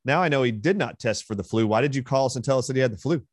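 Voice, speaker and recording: A man's voice: mid-range voice, rapid-fire, dry recording. Mid-voiced guy on an interview, emphatic, retelling a heated exchange, dry sound. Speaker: guest. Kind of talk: interview storytelling.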